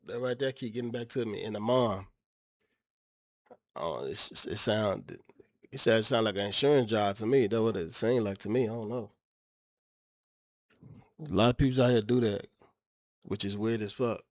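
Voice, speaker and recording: A man's voice: lowish voice, moderate pace, pauses often, darkish tone, no room sound, studio quality. A man hosting a reaction video, talking in a rambling, slangy, incredulous way. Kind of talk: casual reaction commentary.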